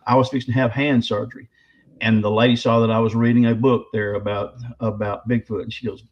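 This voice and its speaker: A man's voice: medium pitch, quick pace, darkish tone. A man, a guest telling stories in a rambling, emphatic way with many restarts, his voice slightly quivering with emotion. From Arkansas. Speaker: guest author and Bigfoot researcher. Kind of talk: casual interview storytelling. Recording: slightly dull lo-fi audio.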